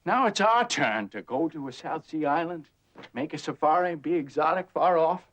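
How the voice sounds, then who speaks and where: A man's voice: on the high side, animated, moderate pace, a bit bright. An actor playing a dreamy, restless young man, brooding and bitter, in a 1950s film. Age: young adult. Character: restless young man yearning to leave home. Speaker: restless son.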